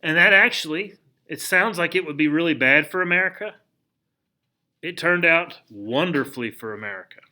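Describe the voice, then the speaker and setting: A man teaching a history lesson in a lively, conversational way, asking the class questions and acting out historical figures in quick asides. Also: fairly high pitch.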